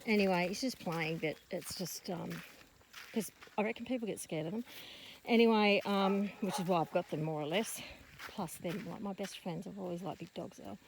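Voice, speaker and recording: A woman's voice: medium pitch, moderate pace, vocal fry. A woman who runs an animal rescue, talking as she walks her rural property and filming on a handheld phone. She is out of breath and rambles, breaking off mid-story to scold and coax her dogs. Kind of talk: rambling walk-and-talk vlog. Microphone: handheld phone while walking. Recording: noisy outdoor phone recording. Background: dogs and farm animals.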